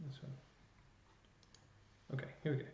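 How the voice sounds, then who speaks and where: A man's voice: moderate pace, darkish tone. Male music teacher, explanatory, thinks aloud, roomy dull lo-fi recording. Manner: explanatory, thinking aloud while working a computer. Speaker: chorus music educator. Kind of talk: online music lesson. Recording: roomy, dull lo-fi sound with faint noise.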